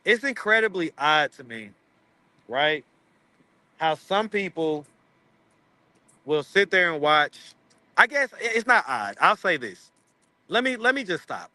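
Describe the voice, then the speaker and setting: A man's voice: on the high side, big pitch swings, slow, pauses often, pushed and bright, no room sound. A man hosting a casual livestream chat, rambling and teasing his viewers. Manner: rambling, teasing, laughs often. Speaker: street interview channel host.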